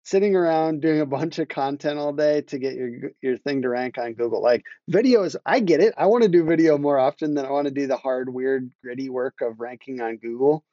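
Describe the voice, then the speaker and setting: A man's voice: mid-range voice, brisk, hardly any pauses, dark tone, no room sound, dull audio. A man talking casually on a podcast about marketing, rambling and restarting his sentences as he tells a story. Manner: rambling, self-interrupting, laughs while telling stories. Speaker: guest, marketing agency owner.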